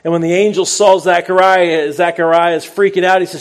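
A man's voice: sits high, flat delivery, brisk. A pastor preaching a sermon, a man retelling a scripture story in an earnest, conversational way, with a bit of self-deprecating humor.

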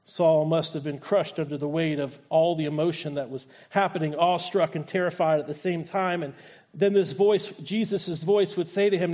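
A man's voice: high voice, normal speed, darkish tone. A male pastor preaching a sermon, retelling a scripture story and acting out its voices. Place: church sanctuary.

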